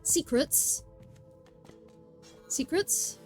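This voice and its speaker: A woman's voice: extremely slow, soft background music. A British woman hosting a live game stream, chatting casually and giggling as she reacts to the game aloud. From Britain. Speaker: streamer host. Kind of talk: casual gameplay chat.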